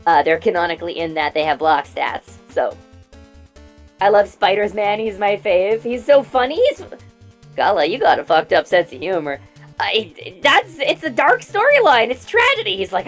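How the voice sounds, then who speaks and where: A young adult woman streaming, chatting casually and rambling excitedly through trivia with quick restarts. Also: medium pitch, soft background music.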